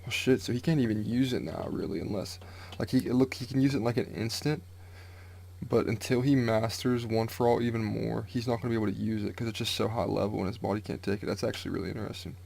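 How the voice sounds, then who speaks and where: A man casually reacting live to a manga chapter, reading panels aloud, excited and swearing freely with lots of filler words. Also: fairly low pitch, quick pace, vocal fry.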